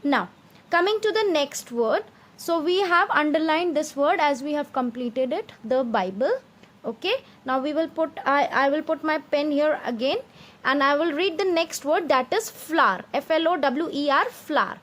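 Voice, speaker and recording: A woman with an Indian English accent teaches young children, her voice set high. She speaks patiently, spells each word letter by letter and checks that the class is following with questions. She has the steady manner of a classroom teacher. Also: moderate pace.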